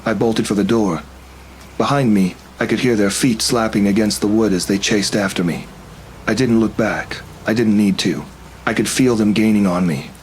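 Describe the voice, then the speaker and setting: A man tells a first-person horror story in a steady, tense way. His voice sits fairly low, and a faint hum lies under the recording. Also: moderate pace, poor audio. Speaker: narrator.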